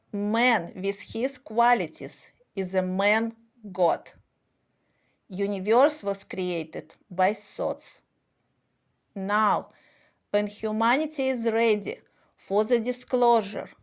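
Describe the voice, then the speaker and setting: A woman giving a slow scripted monologue as a spiritual speaker, with deliberate, halting phrasing and non-native grammar. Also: medium pitch, dull audio.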